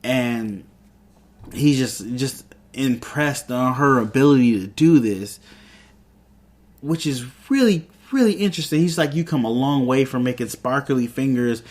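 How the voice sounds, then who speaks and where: A man hosts a casual TV review, talking in an easy mid-pitched voice. He retells each scene by acting out the characters' lines. His talk is loose and chatty, full of fillers and restarts. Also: expressive, unhurried, a little mellow. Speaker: show host reviewing a TV episode. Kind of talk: casual recap and commentary.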